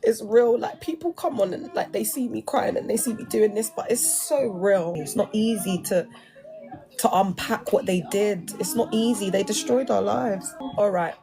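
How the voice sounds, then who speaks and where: A woman's voice: mid-range voice, normal speed, warm tone, soft background music. A young adult woman, talking to her viewers in an emotional, casual monologue, emphatic and slangy, full of "like" and "you know". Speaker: vlogger.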